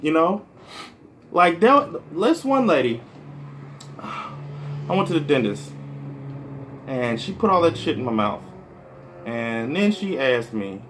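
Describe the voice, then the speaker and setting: A man's voice: fairly high pitch, sing-song, slow pace, long pauses, a bit bright, slight background noise. A man from the American Midwest, a stand-up comedian, talking in a casual, rambling vlog monologue full of "like" and "you know" and some swearing.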